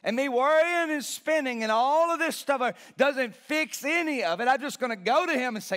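A man's voice: very high voice, animated, normal speed, hardly any pauses, a bit bright. A male pastor preaching a passionate sermon in a church, repeating key phrases and building emphasis. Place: church sanctuary.

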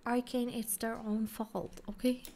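A woman's voice: on the high side, flat delivery, measured pace, vocal fry, dark tone, a little hiss or hum. A woman streamer giving playful, casual commentary while playing a game, swearing and chatting with viewers.

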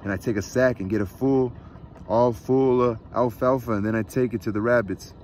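A man reading aloud and voicing a big, simple-minded, gentle ranch hand who talks with childlike earnestness. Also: medium pitch, fairly even intonation, normal speed, a little hiss or hum, close to an everyday voice. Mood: earnest.

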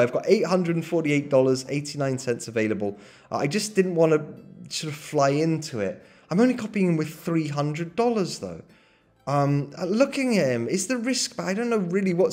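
Casual vlogger, man, slightly higher voice, thinks aloud with lots of ums and second-guessing, soft music underneath. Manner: thinking aloud, hesitant, full of ums and self-doubt. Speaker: vlogger reviewing his investments. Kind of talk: casual screen-share commentary.

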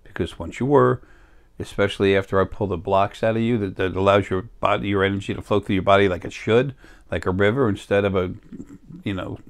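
A man's voice: fairly low pitch, steady tone, a little fast. A man in a rambling, self-interrupting casual monologue as a spiritual healer, recorded on a laptop or phone.

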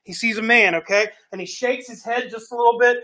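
A man's voice: very high voice, steady tone, a little fast, bright, forceful tone. A male pastor preaching a sermon in a folksy storytelling way, often checking in with "right?" and "okay?". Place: church sanctuary.

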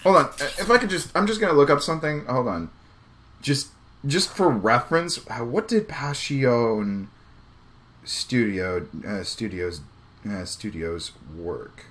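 A man talks through an anime episode as he watches it. His voice is bright and a little tense, and it swings widely up and down in pitch. He is excitable and chatty, and he stops often to think aloud. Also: measured pace, slight background noise. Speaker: anime reaction vlogger. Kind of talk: live reaction commentary.

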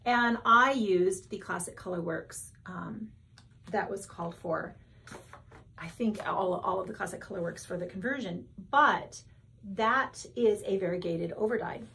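In her sixties, a cross-stitch vlogger chats casually while showing off her stitching projects, thinking aloud and correcting herself along the way. Her medium-pitched voice is creaky, pushed and bright, and she talks a little slowly.

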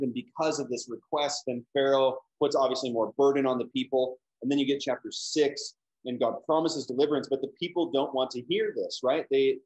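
A man's voice: medium pitch, a little mellow, poor audio. A man giving a casual lecture on a Bible book, talking conversationally with frequent check-ins to his listeners.

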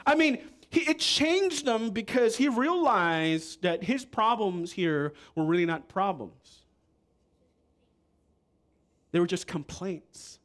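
A man preaching a sermon as pastor, animated and joking with the congregation. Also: high-pitched, slow pace. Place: church.

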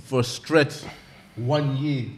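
Young aussie-raised guy hosting a podcast, mid pitch, emphatic and animated, says man a lot. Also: slow. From Australia. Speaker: podcast host. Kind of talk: casual podcast conversation.

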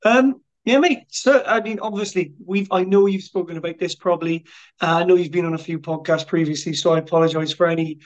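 A man's voice: on the high side, fairly even intonation, quick pace. A man hosting a podcast, asking questions in an enthusiastic, matey way during a casual interview. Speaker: podcast host. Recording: dull lo-fi audio.

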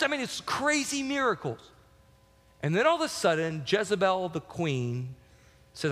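A pastor preaching a sermon in an emphatic, repetitive, casual way, in a church sanctuary. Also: male voice, on the high side, sing-song, normal speed, a bit bright. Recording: long church hall reverb.

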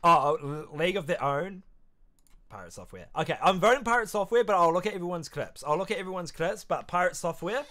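A young man streaming live, reacting to clips in casual chat, excitable and openly emotional, swearing freely. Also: high voice, a little fast.

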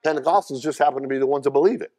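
A male pastor preaching with a mid-pitched voice. He rises in loud, high bursts, then drops to quieter, conversational asides. He often repeats words and fires questions at his listeners. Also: racing. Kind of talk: sermon.

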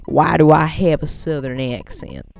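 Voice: mid-range voice, measured pace, gravelly, darkish tone, soft background music. A game streamer reading the dialogue aloud and cracking jokes over the gameplay. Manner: jokey, goofy, riffs on the game text.

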